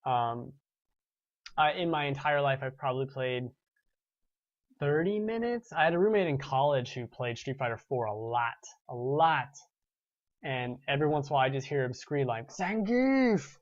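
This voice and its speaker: A man's voice: medium pitch, moderate pace, no room sound, dull audio. A man in his twenties hosting a gaming show, chatting casually and rambling with restarts while reading viewer comments. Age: 20s.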